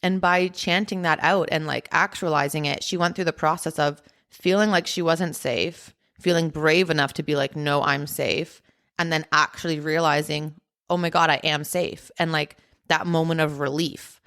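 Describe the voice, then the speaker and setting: A woman's voice: low voice, steady tone, normal speed, few pauses, a bit bright. A woman hosting a podcast, casually telling a personal story with lots of "like" and "um" fillers. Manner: chatty, heavy use of "like" and "um" fillers. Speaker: podcast host.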